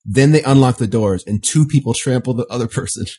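Husky man spinning hypotheticals. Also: medium pitch, fairly quick, dark tone. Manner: spins long hypothetical scenarios, laughing often. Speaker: podcast co-host. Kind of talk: casual chat.

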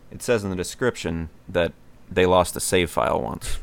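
A man's voice: low-pitched, normal speed, vocal fry. A man co-hosting a casual podcast chat, talking through details in a matter-of-fact way. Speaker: podcast co-host.

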